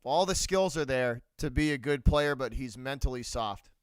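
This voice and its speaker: A man's voice: medium pitch, normal speed, clear, resonant tone, dry recording. A man with a Boston accent hosting a live sports reaction stream, talking bluntly and repeating his points. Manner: blunt, repeats himself, shouts out viewers. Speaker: livestream host.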